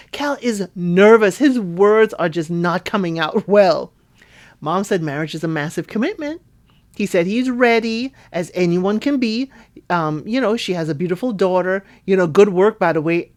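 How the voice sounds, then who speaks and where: A woman giving a casual, chatty recap of a reality show, acting out quotes and laughing as she talks. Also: fairly low pitch. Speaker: recap podcaster.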